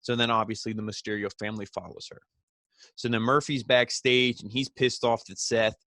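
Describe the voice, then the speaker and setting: A man's voice: on the low side, level tone, a little fast, sharp tone, no echo. A man hosting a wrestling review, recapping the show in a casual, rambling way full of "you know" and "he's like".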